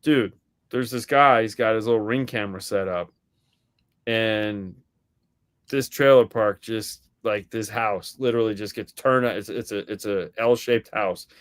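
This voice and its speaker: Animated storytelling man on a dry mic. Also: fairly low pitch, a little slow, clean tone, no room sound. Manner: animated storyteller acting out quoted dialogue; swears casually. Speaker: podcast co-host. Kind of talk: casual chat.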